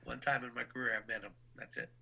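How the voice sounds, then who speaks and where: Bright-voiced man, ring announcer. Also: mid-range voice, quick pace, creaky, slightly rough, rough recording. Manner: animated, repeats words when starting sentences. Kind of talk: casual interview storytelling.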